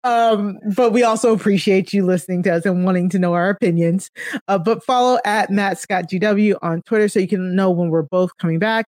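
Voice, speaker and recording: A woman's voice: mid-range voice, darkish tone, no echo. Easygoing woman podcast host, dry mic. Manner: easygoing, quick run-on plugs. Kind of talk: casual podcast chat, plugging socials.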